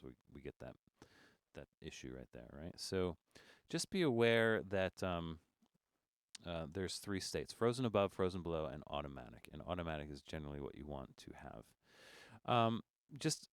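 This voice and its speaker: A man teaching a music notation software lesson, explaining step by step with frequent fillers and checking in with "right?". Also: low voice, clear, resonant tone, no room sound, studio quality. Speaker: software tutorial instructor. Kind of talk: screen-recorded software tutorial.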